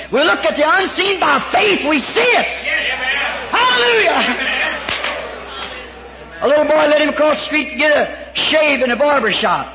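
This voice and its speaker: A man preaching a storytelling sermon before a congregation, fervent, breaking into shouts and chuckles. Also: very high-pitched. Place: large church hall before a congregation. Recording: echoey hall, faint background noise.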